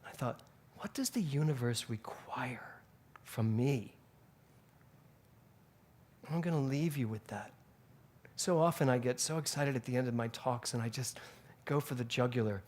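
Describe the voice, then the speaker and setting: A man's voice: mid-range voice, normal speed. A male minister giving a Sunday sermon in a spiritual center, telling stories animatedly and laughing along the way.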